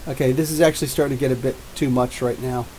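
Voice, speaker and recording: A man in his forties from New Jersey, hosting a live comics podcast and answering viewer comments in a rambling, jokey way, with drawn-out R's. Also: medium pitch, fairly even intonation, warm tone, slight background noise, poor audio. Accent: New Jersey with drawn-out Ohio-style R's. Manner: rambling, jokey, talks back to chat. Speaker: podcast host.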